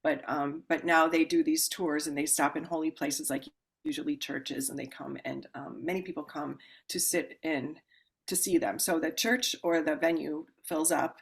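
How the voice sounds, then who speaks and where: A woman guest on a podcast telling a personal story in a casual way. She acts out the voices of people in it, jumps to loud exclamations, and turns calm and measured when she explains a ritual. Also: sits low, gravelly.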